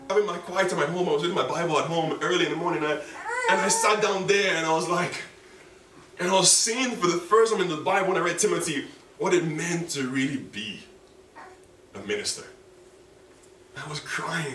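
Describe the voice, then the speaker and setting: A man preaching a sermon with passion, rising to high, emotional pleas. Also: a little fast, pauses often, fairly bright tone, slight background noise. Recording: echoey room from a distance.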